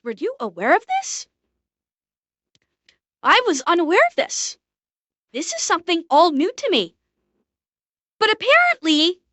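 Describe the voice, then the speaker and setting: A woman streamer reacting to a video, excitable and swearing a lot. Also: very high voice, no echo.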